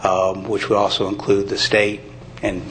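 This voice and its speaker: A man's voice: on the low side, monotone, moderate pace, a bit bright, slight background noise, low-quality recording. A man speaking earnestly at a county commission meeting. He apologizes, restarts his sentences and lays out his plans. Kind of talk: public meeting testimony.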